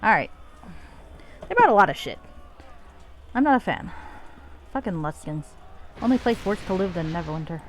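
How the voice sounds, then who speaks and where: A woman's voice: on the low side, lively intonation, normal speed, long pauses, a little hiss or hum. Wry, cursing woman game streamer. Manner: wry and profane. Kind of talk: casual game stream commentary.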